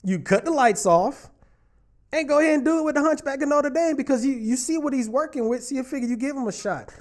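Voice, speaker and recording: Talking fast in an extremely high-pitched voice, this man hosts a relationship talk show. He reads viewer comments in a casual livestream, chatting, poking fun at his audience, and speaking straight to them.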